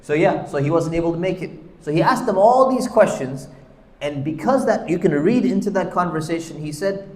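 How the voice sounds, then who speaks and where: A man's voice: sits high, lively intonation, fairly quick. A man teaching a conversational Quran commentary class, often putting questions to his audience. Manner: chatty, keeps asking the audience questions. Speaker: Islamic teacher. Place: large Islamic center hall. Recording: echoey hall with long reverb.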